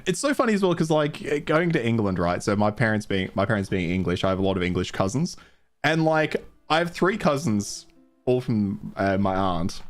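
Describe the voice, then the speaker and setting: A chatty man with a mild Australian accent, streaming a game and thinking aloud as he plays. His voice is low but swings widely, and he laughs easily. Faint game music plays behind him. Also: very animated, normal speed. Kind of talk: casual live-stream commentary.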